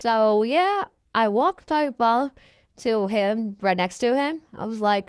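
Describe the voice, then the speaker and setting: A woman's voice: fairly high pitch, expressive, takes it slowly, clean tone, dry recording, studio quality. A woman telling a fan story in a rambling, profane and ungrammatical way.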